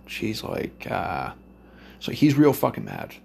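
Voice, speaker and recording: A man's voice: medium pitch, wildly swooping pitch, slow, vocal fry, darkish tone, slight background noise. A man telling a rambling, profane story to his listeners in a loose, blunt way.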